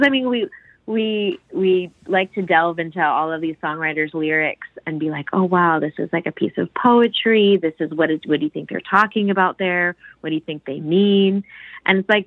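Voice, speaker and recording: A woman's voice: fairly low pitch, dry recording, phone-quality sound. A woman gushing about a song in casual podcast chat, rambling with lots of "like"s and restarts.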